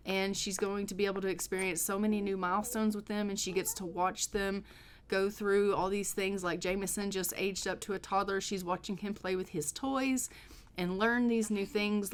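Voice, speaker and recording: A woman's voice: mid-range voice, slight background noise. A woman casually narrating a life-sim game, chatty and storytelling, often filling in with "like.". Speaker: gameplay narrator. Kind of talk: casual gameplay commentary.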